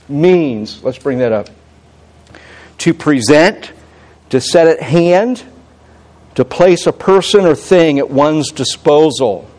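A man preaching a sermon as pastor, conversational, with frequent restarts and self-corrections, climbing loud and high when he quotes God's voice.

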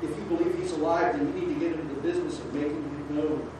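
A preacher delivers a sermon in a large, very echoey church hall, caught from a distance by the mic over steady background noise. The voice sits in a middle register and swings between hushed pleading and loud, rising exhortation, pressing the congregation with emphatic questions. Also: mid-range voice, quick pace.

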